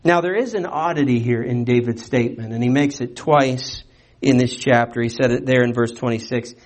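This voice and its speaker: A man preaching a sermon, animated and conversational, with rhetorical questions and playful asides. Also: medium pitch. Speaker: pastor.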